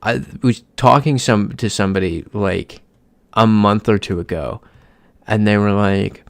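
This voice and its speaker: A man's voice: fairly low pitch, moderate pace, gravelly, dry recording. A young American man chatting casually on a live stream, reading out chat messages as he plays. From United States.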